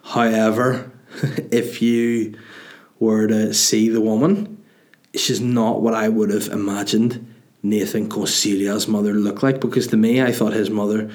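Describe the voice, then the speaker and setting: A man's voice: lowish voice, level tone, measured pace, darkish tone. A Northern Irish man hosting his own podcast, chatting in a rambling, jokey, sweary way. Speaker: podcast host and comedian. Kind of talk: casual solo podcast chat.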